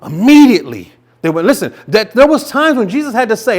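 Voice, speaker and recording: A man preaching a sermon as pastor, impassioned, often repeating words and restarting, and reading scripture very slowly and softly. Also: high-pitched, sing-song.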